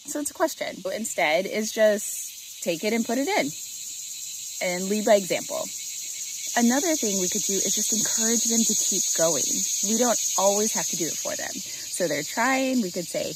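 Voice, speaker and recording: A woman talks parents and caregivers through a lesson in a gentle, explanatory way. She acts out sample phrases with exaggerated rises in her voice. Her pitch sits in a middle range for a woman, and faint insect sounds from outdoors hum in the background. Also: expressive, moderate pace, low-quality recording. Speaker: parenting educator. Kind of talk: instructional talk to parents.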